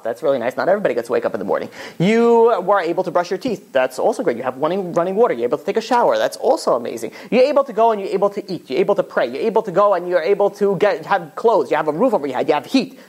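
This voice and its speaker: A rabbi giving a Torah class, telling stories in an animated, casual way full of fillers. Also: male voice, high-pitched. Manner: animated storytelling, casual filler-heavy talk. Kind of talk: Torah class lecture with storytelling.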